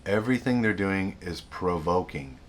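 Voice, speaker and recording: Male host, very low voice, earnest advice monologue with self-corrections, faint noise behind. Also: animated, moderate pace. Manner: earnest, repeats himself, restarts sentences. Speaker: self-help video host.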